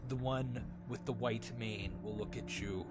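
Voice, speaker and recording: A man running a tabletop game as dungeon master, narrating haltingly with many fillers. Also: fairly low pitch, steady tone. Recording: music playing behind.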